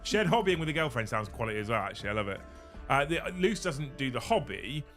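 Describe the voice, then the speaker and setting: A man's voice: mid-range voice, very animated, fast talker, fairly bright tone, soft background music. A British man hosting a casual stream, ranting comically and swearing freely. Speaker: streamer host. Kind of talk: casual comedic rant.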